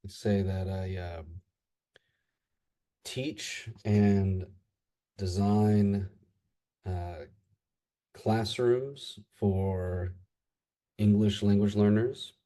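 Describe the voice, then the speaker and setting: A man in his thirties from the United States, talking as a podcast guest in a halting, casual way with lots of fillers and restarts. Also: fairly low pitch, steady tone, dark tone. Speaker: interview guest. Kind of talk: casual conversation.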